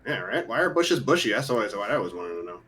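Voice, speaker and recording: A man playing in a tabletop game, bantering in an excitable, sweary, rambling way. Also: fairly low pitch, fast talker, crowd noise. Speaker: player.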